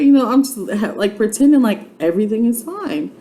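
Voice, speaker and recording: A woman's voice: on the high side, lively intonation, fairly quick, warm tone, rough recording. A woman in her twenties giving an earnest, faith-based motivational vlog, urging and repeating herself like a preacher. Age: 20s. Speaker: YouTube vlogger.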